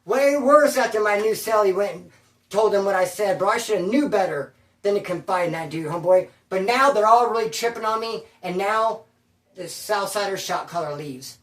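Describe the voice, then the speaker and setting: A man's voice: sits high, moderate pace, a bit bright, far from the mic. A man telling his own prison story in casual first person, full of street slang and calling the listener bro. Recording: roomy sound, away from the mic.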